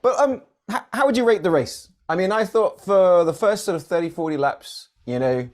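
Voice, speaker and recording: Casting: playful male podcast co-host, higher voice that jumps around a lot. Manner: animated, jokey, quick to mimic others. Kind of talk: casual chat.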